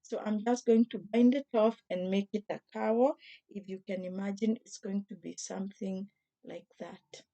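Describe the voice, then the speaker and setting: A woman with a hoarse voice talking casually through a craft tutorial, chatty and gentle, with frequent pauses and restarts. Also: medium pitch, fairly even intonation. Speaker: crochet vlogger.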